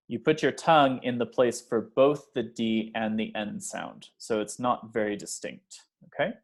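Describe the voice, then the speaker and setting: A man teaching English pronunciation, slowly modeling example phrases and checking in with the learner. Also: on the low side. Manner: checks in with "okay?" and "right?". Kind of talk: pronunciation lesson.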